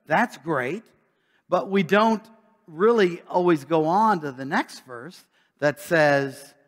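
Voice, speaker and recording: A man preaching a sermon as pastor, talking conversationally and asking his listeners rhetorical questions. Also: mid-range voice. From United States. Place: church sanctuary. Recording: long church reverb.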